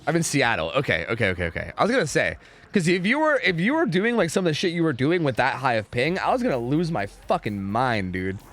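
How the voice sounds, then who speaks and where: Talking fast in a slightly high voice, this young streamer plays a game at home and chats casually with his audience. He rants with lots of energy, curses often and keeps addressing chat.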